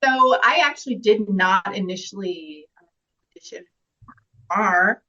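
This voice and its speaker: A guest actress being interviewed speaks earnestly and reflectively in casual chat, laughing often. Her medium-pitched voice has a sharp tone and a slightly slow pace, and the recording is slightly dull and lo-fi.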